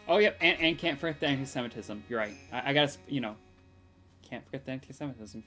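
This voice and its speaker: A woman's voice: extremely low pitch, animated, fast, fairly bright tone, soft background music. A young woman streamer with a runny nose, giving joking, rambling, sarcastic commentary while playing a game. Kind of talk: casual gameplay commentary.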